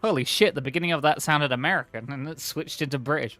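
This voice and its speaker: A man's voice: on the high side, quick pace, hardly any pauses, sharp tone, faint music behind. A man streaming a video game, thinking aloud and reacting casually, sometimes swearing or reading in-game text. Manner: chatty, profane, thinks aloud. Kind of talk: casual gameplay commentary.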